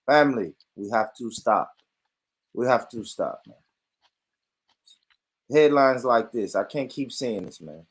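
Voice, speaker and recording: A man's voice: medium pitch, expressive, a little slow, pauses often, slightly rough. A man hosting a casual podcast chat, emphatic and prone to repeating himself. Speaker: podcast host.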